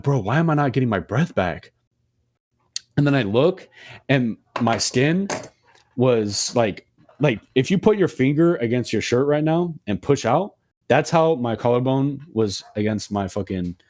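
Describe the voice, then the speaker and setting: A young man co-hosting a podcast, telling a story in a slangy, profane, animated way. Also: medium pitch, measured pace. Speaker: podcast co-host. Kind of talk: casual storytelling chat.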